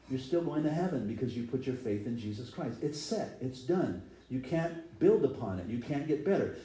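A man's voice: medium pitch, dark tone, reverberant, rough recording. A man preaching a sermon as pastor in a conversational way, acting out quotes in little voices. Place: church.

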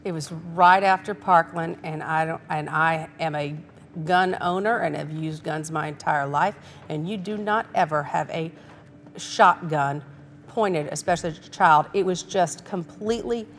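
A woman's voice: deep voice, moderate pace, big-room sound, slight background noise. A woman on a voter panel, speaking firmly and with indignation. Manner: firm, indignant. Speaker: panel participant. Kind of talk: casual discussion.

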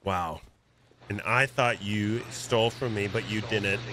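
A man streaming a pirate game, talking in melodramatic in-character banter and shouting in mock outrage. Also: lowish voice, a little slow, noisy background.

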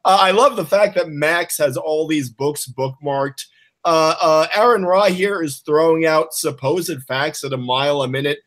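A man's voice: on the high side, normal speed, fairly bright tone. A man in a casual podcast discussion, hesitant and analytical, with many filler sounds.

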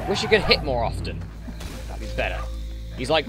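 Brisk and sing-song, this man's voice runs on the high side, fairly bright and slightly rough, as he casually narrates his gameplay and taunts enemies. He hosts a gaming channel and records let's-play commentary at home on a noise-suppressed desktop mic, with faint music behind him.

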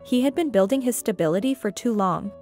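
A woman reading a scripted story aloud as narrator, steady and even. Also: on the high side, brisk. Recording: faint background music.

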